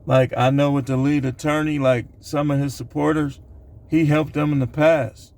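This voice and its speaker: A man's voice: a little high, flat delivery, moderate pace, a little mellow. A man hosting his own channel, talking loosely to the camera as he counts down a numbered list, with plenty of fillers and asides. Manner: loose, rambling delivery with many fillers. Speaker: channel host. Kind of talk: casual vlog monologue counting down a numbered list. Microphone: camera recording himself.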